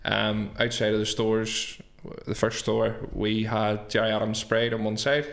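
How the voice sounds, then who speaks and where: A man's voice: on the low side, flat delivery, measured pace, gravelly, fairly bright tone. Belfast man telling stories. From Northern Ireland. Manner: swears freely, tells stories with quoted dialogue. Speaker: guest, business owner. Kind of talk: casual storytelling.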